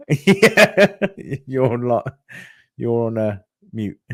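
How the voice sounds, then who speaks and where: An easygoing man co-hosts a casual podcast. He tells stories in a relaxed way and laughs often. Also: medium pitch, very slow, vocal fry. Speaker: podcast co-host. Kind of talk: casual chat.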